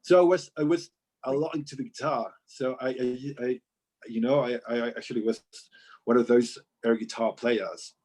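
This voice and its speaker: A Mexican man, a musician and composer, speaking English with a faintly British lilt as a guest in a casual interview, relaxed and hesitant. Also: mid-range voice, moderate pace. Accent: slightly British-sounding English. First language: Spanish. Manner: relaxed, hesitant with many fillers.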